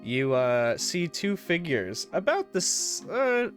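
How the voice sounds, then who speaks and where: Slow, laughing game master. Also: medium pitch, sing-song, faint music behind. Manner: laughs often, rambling with fillers. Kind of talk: narrating a tabletop game.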